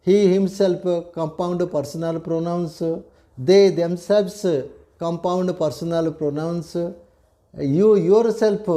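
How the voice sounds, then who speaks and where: A man's voice: high voice, mellow. Older man with an Odia accent, teaching. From India. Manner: repeats key phrases, checks understanding, mixes English with Odia and Hindi. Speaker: retired headmaster teaching grammar. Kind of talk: classroom grammar lecture.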